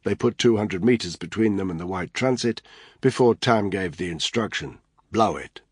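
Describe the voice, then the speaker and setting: A man narrating an audiobook thriller in steady, even storytelling. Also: fairly low pitch, moderate pace, breathy edge, dry recording, studio quality.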